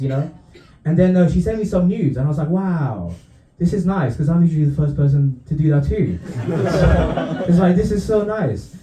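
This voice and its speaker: A man's voice: a little high, warm tone, roomy sound. A young man from Romania doing a stand-up routine in a comedy club, often laughing at his own jokes and tossing in dry asides.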